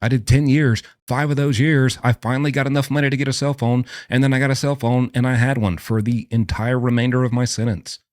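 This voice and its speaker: A man who is a former prisoner giving an animated, ranting commentary full of emphatic rhetorical questions. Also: mid-range voice, fairly quick, hardly any pauses, dry recording, clean studio sound. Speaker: vlogger and former prisoner explaining prison life.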